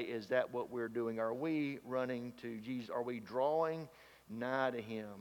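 A man preaching a sermon in a folksy, animated way, asking his listeners rhetorical questions. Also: on the high side. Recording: dull sound with long hall reverb.

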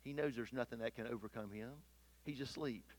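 A man preaching a sermon, swinging between loud emphatic peaks and hushed low asides, and reading scripture aloud. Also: a little fast. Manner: reads scripture aloud in King James wording.

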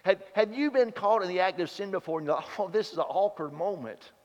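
A man preaching a sermon, telling stories and swinging from loud to hushed. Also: sits high, expressive, fast. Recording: dull sound in a reverberant hall.

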